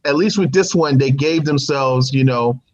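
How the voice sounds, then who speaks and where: A man co-hosting a TV review show in casual chat, animated and laughing often, repeating himself as he talks. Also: medium pitch, moderate pace. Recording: dull lo-fi audio.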